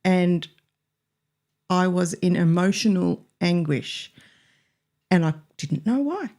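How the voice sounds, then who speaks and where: A woman with a fairly low voice co-hosts a casual radio chat. She speaks in an open, emotional and reflective way, slowing down when she recalls her feelings. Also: lively intonation, darkish tone. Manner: emotional, reflective, slow in places. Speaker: radio co-host.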